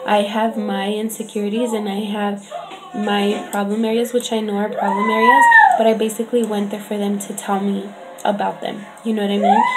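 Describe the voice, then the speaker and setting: A woman's voice: mid-range voice, very noisy. A young woman and mother telling a chatty, upset story in a casual vlog, often asking "you know what I mean". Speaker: vlogger and mother.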